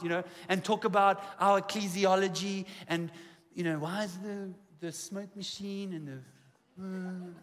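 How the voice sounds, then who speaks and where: Bright-voiced South African man preaching. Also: high-pitched. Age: 40s. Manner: humorous, self-deprecating storytelling, lively. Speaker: pastor. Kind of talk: sermon. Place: large church auditorium. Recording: long reverb of a big hall.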